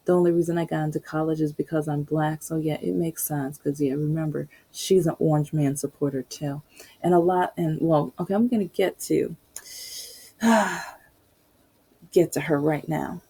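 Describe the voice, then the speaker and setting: A woman with a low, husky, mellow voice tells a personal story casually, as a podcaster. She talks candidly and wanders into asides as she goes. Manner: candid, rambling, with many asides.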